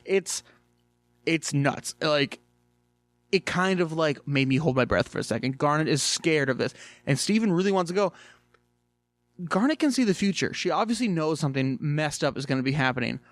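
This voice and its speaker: A man with a somewhat high voice talks through a cartoon episode in a loose, rambling way, filling gaps with fillers. The sound is dry and close, with no room echo. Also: expressive, moderate pace. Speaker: reviewer. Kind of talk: casual episode review.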